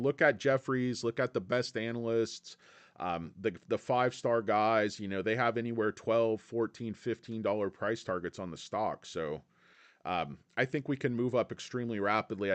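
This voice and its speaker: A man's voice: fairly low pitch, no echo. A middle-aged man hosting a stock market livestream, chatting casually, reading out comments, rambling and joking with lots of fillers. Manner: excitable, jokey, rambling with many fillers.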